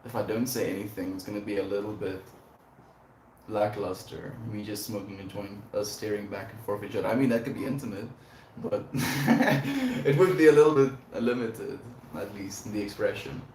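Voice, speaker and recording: A man's voice: on the low side, level tone, a little fast, darkish tone. A man hosting a casual livestream chat, talking in a rambling, reflective way and laughing often. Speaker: livestream host. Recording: echoey room, faint background noise.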